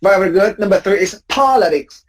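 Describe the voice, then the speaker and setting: A woman's voice: medium pitch, a little slow, a little mellow, rough recording. A woman teaching English pronunciation in a class drill, patiently correcting students and repeating each word as a model.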